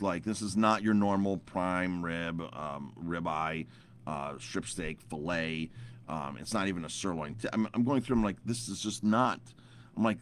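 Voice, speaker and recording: A man's voice: sits low, normal speed, a little hiss or hum. A man in his thirties, a chef, telling a story to camera in a casual, rambling way with lots of repeated words and fillers.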